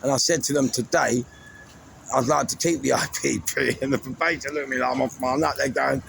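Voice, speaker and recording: A man's voice: medium pitch, brisk, vocal fry. A man with a London accent, chatting casually and rambling through stories, laughing at his own jokes. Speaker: storyteller recounting his life. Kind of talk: casual storytelling. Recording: noisy background with traffic.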